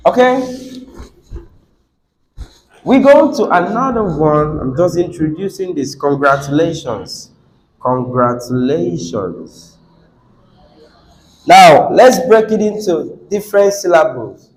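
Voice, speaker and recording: Animated, slow-talking male teacher. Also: sits high. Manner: questions students, repeats words with shifting stress. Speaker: English teacher. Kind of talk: classroom lesson on word stress. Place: classroom. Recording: echoey classroom.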